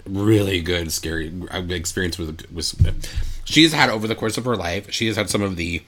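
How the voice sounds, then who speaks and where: A man co-hosting a podcast chats casually, rambling with plenty of fillers and restarts. His voice is low-pitched and fairly bright in tone, at a normal speed.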